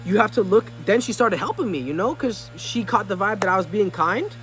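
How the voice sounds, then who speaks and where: Outdoors in the rain, with a vehicle driving past, a young vlogger tells a casual story full of slang and fillers, switching tones to act out the dialogue. He talks a little fast in a high, expressive, sharp-toned voice, with a little hiss or hum audible.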